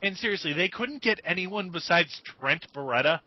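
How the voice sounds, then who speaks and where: A man co-hosting a podcast in casual chat, griping with animated exasperation. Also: sits high, normal speed. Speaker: podcast co-host. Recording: dull, dry lo-fi audio.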